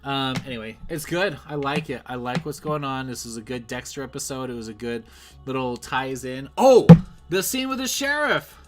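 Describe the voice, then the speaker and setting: A man talks through a TV episode in a loose, rambling review, restarting sentences and trailing off before circling back with enthusiasm. His voice sits at an ordinary middle pitch. Soft music plays faintly under his talk. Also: animated, normal speed. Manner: rambling, self-correcting, enthusiastic. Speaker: show reviewer. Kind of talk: casual spoken TV review. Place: at home, streaming.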